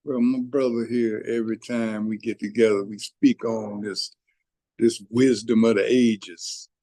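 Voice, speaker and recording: An older man speaks slowly and thoughtfully in a low voice with a close, dry sound. His tone is reflective and measured. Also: level tone, warm tone, no echo. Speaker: guest. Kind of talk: reflective conversation.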